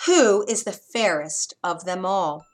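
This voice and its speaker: A woman's voice: on the low side, takes it slowly. A woman voicing a vain, furious evil queen who demands and shrieks in a storybook reading. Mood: demanding.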